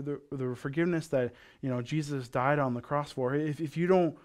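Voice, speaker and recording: A male pastor from Canada giving a sermon, telling a parable in a casual, conversational way. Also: mid-range voice.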